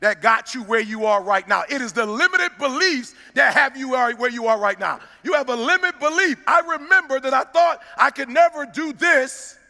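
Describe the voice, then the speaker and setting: A middle-aged man giving a preacher-like motivational speech in a large hall. He pushes key lines with emphasis, shouting some and drawing others out in a sing-song cadence. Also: very high voice, animated, moderate pace, few pauses. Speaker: motivational speaker. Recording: long reverb of a large hall.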